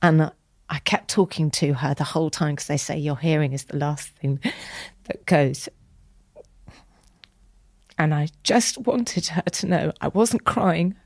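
A woman guest telling an emotional personal story in a candid, chatty way, acting out quoted lines with soft whispers. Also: low voice, unhurried, long pauses, dry recording.

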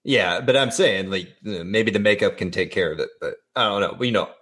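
Low-voiced, laid-back male podcaster. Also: moderate pace, fairly bright tone, husky. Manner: laid-back, swearing, hesitant restarts. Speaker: podcast co-host. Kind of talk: casual movie podcast chat.

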